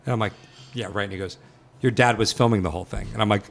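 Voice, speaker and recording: Fast-talking man telling an excited story. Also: fairly low pitch, gravelly. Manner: excited, acts out dialogue in quotes. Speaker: guest filmmaker. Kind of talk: animated storytelling. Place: film set.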